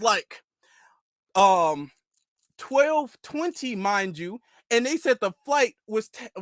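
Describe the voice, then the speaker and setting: Young male vlogger with a high voice, animated casual storyteller, close dry mic. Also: no room sound. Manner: animated, laughing, loose slang.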